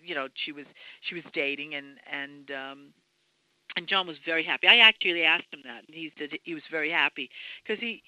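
A woman guest telling a story in an interview, excitable and full of restarts and repeated words. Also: fairly low pitch, no echo, low-quality recording.

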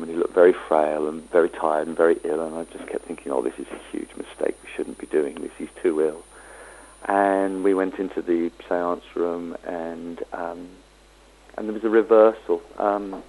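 A man's voice: sits low, a little mellow, rough recording. A man, a medium, telling stories in an interview and acting out the people he quotes. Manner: anecdotal, acts out quoted voices. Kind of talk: storytelling interview.

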